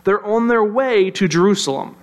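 A man with a high voice preaches a sermon. He talks conversationally and tells the story with animation. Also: normal speed. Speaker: pastor.

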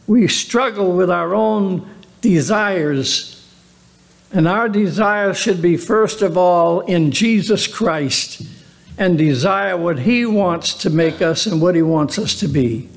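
A man pastor giving an earnest sermon with rhetorical questions. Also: high voice. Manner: earnest, slow, drawn-out preaching with rhetorical questions.

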